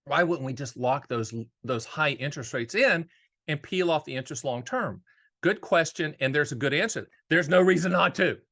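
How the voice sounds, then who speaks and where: A man hosting a casual monologue on annuities, energetic and jokey, repeating key phrases for emphasis. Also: fairly high pitch, moderate pace. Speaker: annuity agent and show host.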